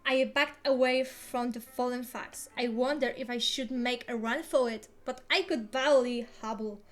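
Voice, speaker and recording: High-voiced woman reading a novel aloud. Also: steady tone, normal speed. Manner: playful, theatrical first-person reading. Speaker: reader.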